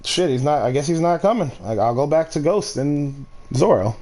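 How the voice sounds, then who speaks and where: A man's voice: a little high, expressive, moderate pace, dark tone. A man streaming a game, ranting casually in a rambling, profane way with many restarts. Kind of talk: casual ranting while gaming.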